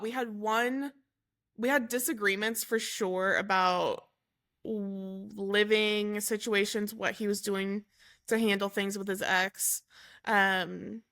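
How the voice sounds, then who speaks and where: Woman, young adult, slow pace, bright tone, halting, interview guest storytelling. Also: mid-range voice. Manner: unhurried, halting, with fillers and self-corrections. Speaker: guest telling her story. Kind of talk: candid personal storytelling.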